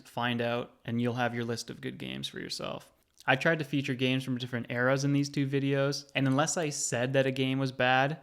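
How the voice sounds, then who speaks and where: A man's voice: medium pitch, creaky, clean tone. A man in his thirties, a gaming channel host, narrating a scripted video essay in a conversational, lightly wry way.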